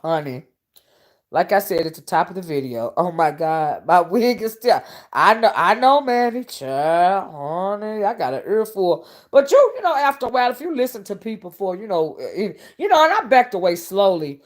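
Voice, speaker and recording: Calling her audience honey and y'all, a woman vlogger gives casual live-stream commentary at a moderate pace. Her pitch sits in the middle but swings widely, and she often checks whether viewers see what she's saying.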